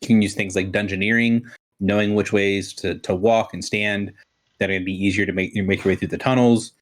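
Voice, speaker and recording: A man acts as game master for a tabletop session. His voice sits a little low, and he describes scenes and choices in a loose, rambling manner, often restarting his sentences. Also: a little fast. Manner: relaxed, rambling explanations with restarts.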